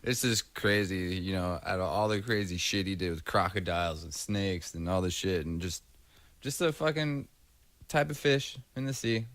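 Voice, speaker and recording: A man's voice: sits low, normal speed, a bit bright, no room sound. A man co-hosting a podcast in casual chat, crude and joking. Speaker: podcast co-host.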